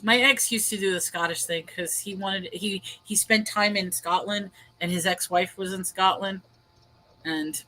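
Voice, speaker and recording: Bright-voiced chatty woman hosting. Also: medium pitch, unhurried. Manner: rambling, laughs often, reads viewer comments aloud. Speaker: host. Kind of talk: casual livestream chat.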